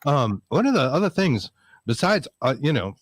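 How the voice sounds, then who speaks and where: A man's voice: medium pitch, big pitch swings, moderate pace, dry recording. A man hosting a live show, chatting easily with a guest and cracking small jokes. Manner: easygoing, joking. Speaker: host. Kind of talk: casual live-show chat.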